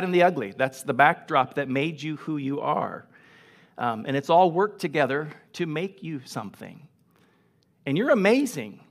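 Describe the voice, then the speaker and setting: A man preaching a sermon as pastor, earnest and emphatic, repeating phrases for emphasis. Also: a little high. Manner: drops to a soft, hushed voice when telling a story. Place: church sanctuary.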